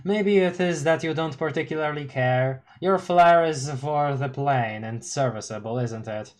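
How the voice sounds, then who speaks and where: A polished, condescending villain who speaks with stiff formal courtesy, as a streamer puts him on. The delivery is slow and measured, weighing each word. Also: medium pitch, darkish tone, close to an everyday voice. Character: courteous, pompous male villain. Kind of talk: reading a webcomic aloud on stream.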